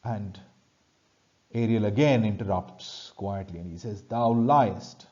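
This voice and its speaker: Slow, very dark-voiced male teacher. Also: fairly low pitch, fairly even intonation, highs cut off. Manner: reads lines aloud, then paraphrases them plainly. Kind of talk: classroom lecture explaining a play.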